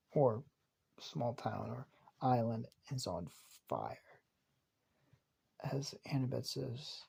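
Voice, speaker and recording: A man improvising a fan story in loose, rambling narration that strings clauses together. His voice is gravelly and husky, dark in tone, and he takes his time. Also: medium pitch. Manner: rambling, repeats "as" and "just says".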